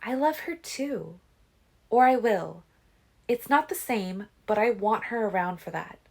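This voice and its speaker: A woman's voice: a little high, expressive, a little slow, a little mellow, pitched above the performer's own voice. A woman reading a fan-made audiobook, voicing an insistent teen girl vampire seer in a raised, lilting voice. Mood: urgent.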